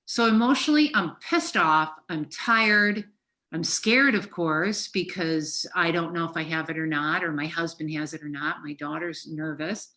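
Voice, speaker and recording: A woman's voice: on the low side, pushed and bright. A middle-aged woman therapist talking frankly and emotionally on a podcast, swearing freely. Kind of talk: casual podcast conversation.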